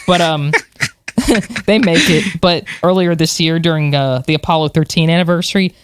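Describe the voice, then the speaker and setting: Animated podcast co-host, laughing storyteller. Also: medium pitch, moderate pace, clean tone, no echo, studio quality. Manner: animated storyteller, many fillers, laughs while talking. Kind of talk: casual chat.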